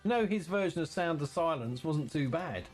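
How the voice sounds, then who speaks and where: A man chats casually with his viewers as he plays a farming game, rambling and teasing. His voice sits a little high. Faint music runs underneath. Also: animated, moderate pace. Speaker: game streamer. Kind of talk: casual chat while streaming a game.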